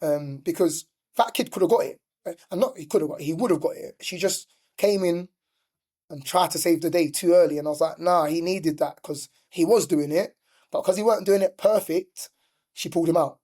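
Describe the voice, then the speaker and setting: Chatty man, mellow voice. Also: fairly high pitch, a little fast, breathy edge. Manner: storytelling, chatty, full of "like" and "do you know what I mean". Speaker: youth football coach and former professional player. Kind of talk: casual podcast chat.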